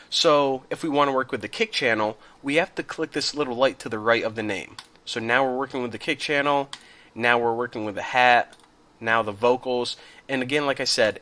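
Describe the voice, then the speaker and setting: A man talks through a casual screen-recorded tutorial in a loose, friendly way, speaking straight to his viewers. He sits close to a desktop mic at his computer. A cough keeps catching in his throat, and he clears it now and then. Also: medium pitch. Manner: relaxed, chatty, addresses viewers as guys. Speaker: software tutorial host.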